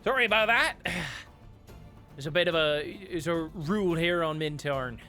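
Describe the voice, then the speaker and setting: A man's voice: on the high side, expressive, normal speed, sharp tone, soft background music, pitched above the performer's own voice. A man voicing a chatty dockhand on a neutral island harbor, folksy and rambling. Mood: friendly.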